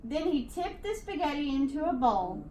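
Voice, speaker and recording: High-voiced teacher reading aloud. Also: female voice, very animated, dark tone, a little hiss or hum. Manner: slow, rhythmic read-aloud. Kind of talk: reading a picture book aloud to a class. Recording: echoey room, distant mic.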